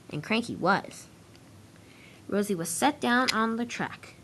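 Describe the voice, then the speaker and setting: A woman's voice: on the high side, expressive, slow, long pauses, fairly bright tone, a little hiss or hum. A woman narrating a storybook-style toy train adventure, reading steadily with small restarts.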